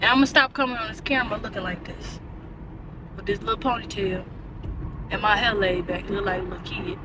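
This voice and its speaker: A young woman vlogging in her car, ranting in an animated, exasperated way with lots of slang. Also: medium pitch, a little fast, far from the mic, heavy background noise. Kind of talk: casual chat.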